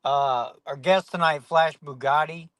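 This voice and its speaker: Male podcast host, casual and rambling, higher voice, dry sound. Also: steady tone, unhurried, a bit bright, no echo. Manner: rambling, many fillers and restarts. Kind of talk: casual sports podcast chat.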